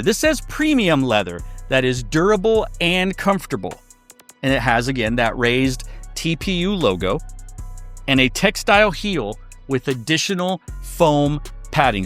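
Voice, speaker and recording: A man's voice: mid-range voice, very animated, moderate pace, a bit bright, faint music behind. A man giving a casual sneaker review, chatty and loose, with many fillers and restarts.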